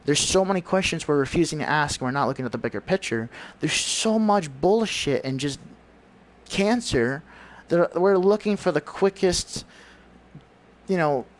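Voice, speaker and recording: Rambling, preachy man. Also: medium pitch. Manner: preachy, rambling, searching for words. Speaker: livestream host. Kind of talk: rambling livestream monologue.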